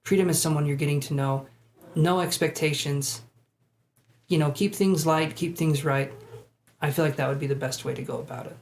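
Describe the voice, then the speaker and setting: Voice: medium pitch, steady tone, moderate pace, darkish tone. A tarot reader giving live-stream readings in a casual, chatty way, with self-deprecating asides.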